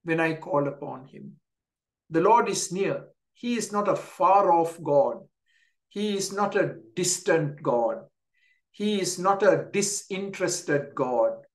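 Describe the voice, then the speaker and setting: A male pastor giving a daily devotional sermon, speaking deliberately and repeating key phrases for emphasis. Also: on the high side. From Canada.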